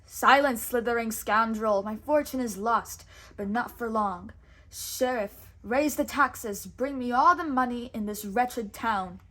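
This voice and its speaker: A woman voicing a vain, wicked, hot-tempered prince in a storybook read-aloud, with loud commanding outbursts. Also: medium pitch, measured pace, lightly acted. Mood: snarling.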